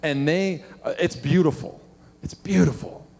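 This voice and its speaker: A middle-aged man, a pastor preaching a sermon and telling animated stories with questions to the congregation. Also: a little high, unhurried, vocal fry. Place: church sanctuary. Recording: long hall reverb.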